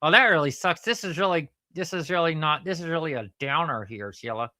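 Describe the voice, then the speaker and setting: A woman's voice: low voice, animated, fairly quick, pushed and bright, no echo, clean studio sound. A woman doing a ventriloquist voice for a cheeky male puppet platypus who teases her by name. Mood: teasing. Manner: teasing, keeps calling her by name.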